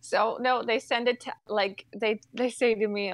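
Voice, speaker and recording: A woman's voice: medium pitch, expressive, moderate pace, hardly any pauses, a bit bright, no room sound. A woman telling a comedic rant in a casual, exasperated way, swearing often and laughing between sentences. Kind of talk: comedic ranting storytelling.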